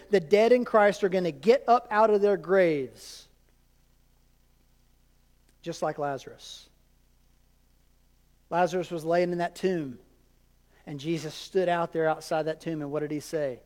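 A man preaches to his congregation, keeping it conversational with asides and questions to the pews. His voice sits high for a man, and it rings out with the long reverb of a church hall. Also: unhurried, long pauses, a little mellow. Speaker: pastor. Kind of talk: sermon. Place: church sanctuary.

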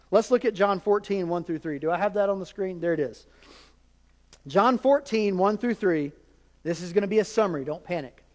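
A male pastor preaching a sermon in an animated, conversational way, often checking in with his congregation. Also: sits high. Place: large church hall. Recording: hall reverb.

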